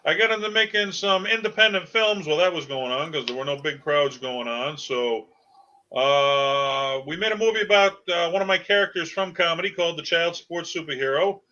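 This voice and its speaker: A man's voice: on the high side, fairly quick, sharp tone. A man with a Boston accent, a comedian guest chatting casually in an interview, joking and rambling with frequent uhs over a video call. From Boston area. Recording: lo-fi dull audio.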